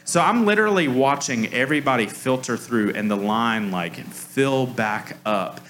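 A man's voice: mid-range voice, lively intonation, moderate pace, a bit bright, slight background noise. A man preaching a conversational sermon, telling stories in a casual way with lots of "like" fillers and self-deprecating humor. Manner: casual storytelling, frequent "like" fillers. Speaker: pastor.

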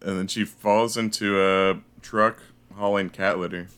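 A man's voice: deep voice, measured pace, clear, resonant tone. A man co-hosting a podcast, casually recapping a movie's plot. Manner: recapping plot in steady narration. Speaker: podcast co-host.

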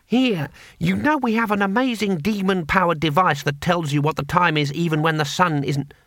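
A man voicing a timid, fussy imperial taxman who speaks in an anxious, prim, high voice. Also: normal speed, fairly bright tone, no room sound, studio quality.

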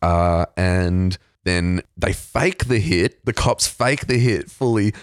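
Guy with a real deep voice, rambly and sweary, dead dry sound. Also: takes it slowly, dry recording. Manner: loose, profane storytelling with lots of fillers. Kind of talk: casual chat.

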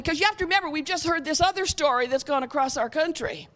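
Bright high-voiced woman preaching. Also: fast, hardly any pauses. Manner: engaging, repeatedly checks with the audience; clears throat often. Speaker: guest speaker. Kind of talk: sermon.

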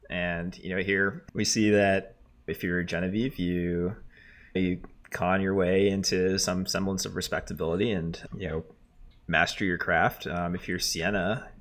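A man's voice: low voice, fairly bright tone. A man co-hosting a podcast, chatting casually about a TV show in a loose, rambling way with many fillers and restarts. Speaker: podcast co-host.

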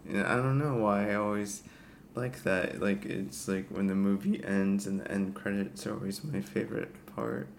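A man's voice: on the low side, steady tone, moderate pace, creaky, a crowd in the background. A man co-hosting a podcast in casual chat, laid-back and rambling, often laughing. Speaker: podcast co-host. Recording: faint background noise.

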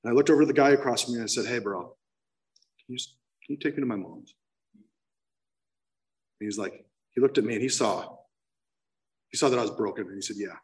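A man's voice: medium pitch, darkish tone, far from the mic. A man candidly telling his personal recovery story, emotional, with many restarts. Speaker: speaker sharing his story.

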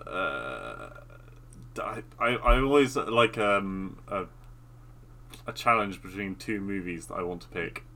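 A man's voice: low voice, animated, measured pace, creaky, bright, forceful tone. A man from Britain chatting casually about films with friends, rambling and hesitant, with many restarts. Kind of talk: casual movie review chat.

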